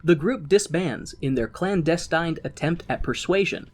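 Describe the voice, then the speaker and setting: A young man co-hosts a casual podcast, recapping a musical scene by scene. His voice sits a bit high for a man, and he talks in an animated way, laughs often and breaks into silly character voices. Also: moderate pace. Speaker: podcast co-host.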